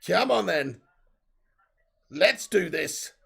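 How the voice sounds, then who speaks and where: A man hosting a live football watch-along, commenting excitedly and reading out viewer messages. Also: high voice, very slow, gravelly, slightly rough. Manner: excitable, casual, swears, reads out viewer messages.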